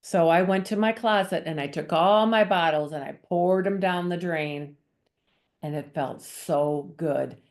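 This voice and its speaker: Woman, lower-pitched voice, earnest, emotional, personal faith testimony. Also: measured pace. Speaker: guest author sharing testimony.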